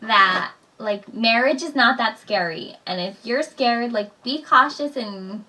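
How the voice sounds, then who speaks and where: A bright, clear young woman chats away with her husband, often laughing and slipping into quoted voices. She sits a little back from the microphone, so her voice carries some distance. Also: on the high side, a little slow. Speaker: vlogger talking with her husband. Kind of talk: casual chat.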